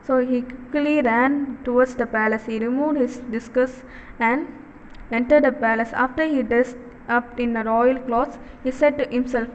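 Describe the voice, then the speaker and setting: A woman reading a children's story aloud, halting and correcting herself as she goes. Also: fairly high pitch, steady tone. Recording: dull recording with long reverb and faint noise.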